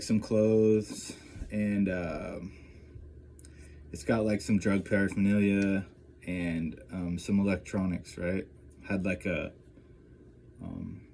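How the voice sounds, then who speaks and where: A man with a somewhat low voice tells a story from his own life in a loose, rambling vlog style. He leans on fillers and keeps tossing in quick check-ins to the listener. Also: warm tone, slight background noise. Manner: rambling, filler-heavy, keeps checking in with "right?" and "you know?". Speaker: vlogger. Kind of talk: casual first-person storytelling.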